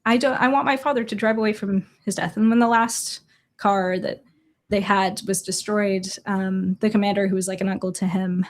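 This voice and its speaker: A young adult woman from Chicago, a journalist guest, telling a story in an earnest, halting way with quoted dialogue. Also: mid-range voice, steady tone. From Chicago, USA. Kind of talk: storytelling in a conversational interview.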